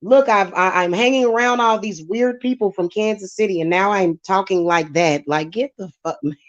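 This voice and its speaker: A woman's voice: medium pitch, normal speed, dry recording, lo-fi sound. A woman hosting her channel, ranting heatedly and profanely at commenters in a live-stream vlog. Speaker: channel host and spiritual reader. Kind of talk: live-stream rant to viewers.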